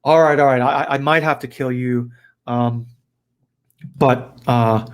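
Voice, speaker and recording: A man's voice: medium pitch, steady tone, slow pace, clean tone, lightly acted. A man voicing a good-natured male demon who is sheepish and amused. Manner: laughing, sheepish.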